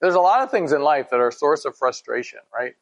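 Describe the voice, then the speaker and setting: A man's voice: a little high, big pitch swings, fast talker. A man teaching a Bible study in a conversational way, reading scripture aloud and asking his listeners questions.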